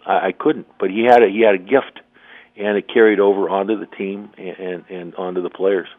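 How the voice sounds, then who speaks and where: A man's voice: low-pitched, little pitch movement, brisk. Older man on a tinny phone line. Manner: rambling, many restarts and throat clearing. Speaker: guest, former coach. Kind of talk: phone interview, telling a story.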